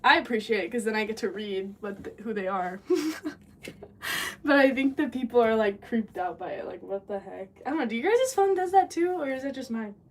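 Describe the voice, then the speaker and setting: Young woman, high-ish voice, rambling live-stream chat, laughs easily, pottery studio, distant mic. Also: animated. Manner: rambling, chatty, quick to laugh. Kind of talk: casual live-stream chat while working. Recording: distant mic with background noise.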